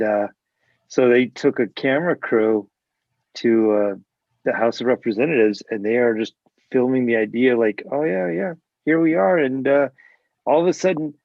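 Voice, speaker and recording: A man's voice: mid-range voice, dry recording. A man chatting casually on a video call, rambling with lots of fillers and laughs. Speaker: host. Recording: dull lo-fi video call audio.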